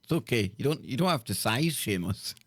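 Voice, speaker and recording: A man hosting a casual livestream chat, talking in an excitable, slangy way. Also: medium pitch, a little fast, no room sound. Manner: excitable, loud laughs, slang-heavy. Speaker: host.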